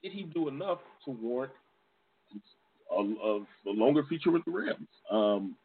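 A man's voice: mid-range voice, very animated, moderate pace, background noise. A man co-hosting a casual sports podcast, loose and informal, often breaking into laughter. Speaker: podcast co-host. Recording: tinny phone-like audio.

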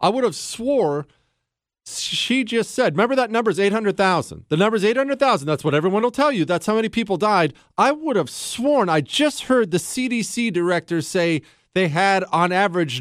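A man hosting a political commentary show, animated and sarcastic, slipping into mocking voices. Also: high-pitched, normal speed, no room sound, studio quality. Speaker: host.

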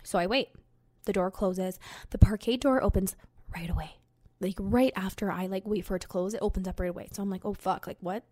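A woman's voice: medium pitch, steady tone, a little fast, a little mellow, no echo. A young woman, a podcast host telling a story in casual chat, swearing freely and filling it with "like". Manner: chatty, swears freely, fillers of "like".

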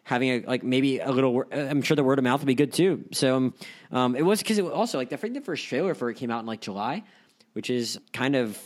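Young male podcast host, chatty and rambling, full of "like" and restarts, mid-pitched voice. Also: fast talker. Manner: rambling, many fillers and restarts. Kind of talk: casual film podcast chat.

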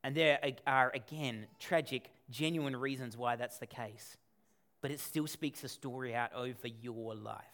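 A man preaching a sermon as a pastor, conversational and animated, with asides and rhetorical questions. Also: mid-range voice, measured pace.

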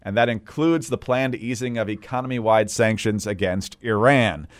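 A man co-hosting a political podcast, reading news quotes aloud in a measured, wry way and adding commentary between them. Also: fairly low pitch. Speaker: podcast co-host.

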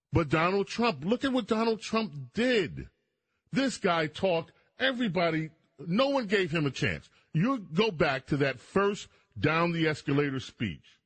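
A man's voice: a little high, husky. A man hosting a talk radio show, delivering an emphatic monologue straight to his listeners. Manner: emphatic, addresses listeners directly.

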